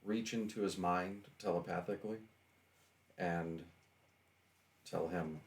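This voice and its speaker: A male player with a very deep voice speaks slowly and deliberately. He weighs his words before he acts. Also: steady tone.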